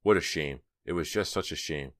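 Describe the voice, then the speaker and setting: Very deep-voiced male audiobook narrator. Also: dry recording, clean studio sound. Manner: steady, measured reading. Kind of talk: scripted narration.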